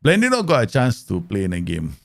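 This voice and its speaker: Male streamer, lively pitch, dry close-mic sound, casual gaming chat. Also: a little fast, gravelly, dry recording. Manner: animated, laughs often, mimics voices in stories. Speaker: game streamer. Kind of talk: live football manager gameplay commentary with chat.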